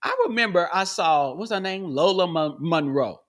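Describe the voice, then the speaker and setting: A man hosting a podcast, delivering a comedic monologue with goofy sound effects, jumping from high yelps to low mutters. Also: lively intonation, moderate pace, a bit bright. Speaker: podcast host.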